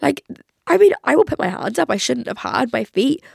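A 21-year-old woman with a cold, chatting in a rambling solo podcast monologue full of "like", her voice croaky. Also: sits high, sing-song, a little fast, no room sound, clean studio sound. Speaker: podcast host. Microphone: podcast microphone.

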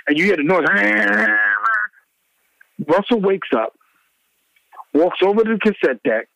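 A middle-aged man, a former radio DJ, telling animated stories in an interview and acting out the people he quotes. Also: measured pace, creaky, pauses often, no room sound, highs cut off. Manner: acts out quoted people with big pitch swings.

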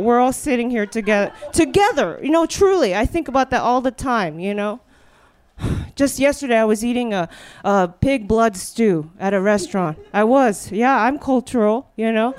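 Young woman comic riffing on stage, high voice, rambles with lots of "you know". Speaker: comedy show host. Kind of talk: stand-up monologue and live show hosting. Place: stage before a live audience.

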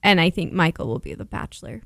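A young woman co-hosting a podcast, casual and wry, trading quick sarcastic one-liners. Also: on the low side, lively intonation, gravelly, no echo, studio quality. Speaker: podcast co-host. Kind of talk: casual chat recapping a reality show.

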